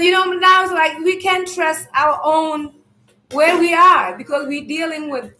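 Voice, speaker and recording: A woman hosting a live stream, giving a loose, rambling spiritual talk in a loud voice, often clearing an irritated throat and addressing viewers as family. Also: high-pitched, echoey room, rough recording.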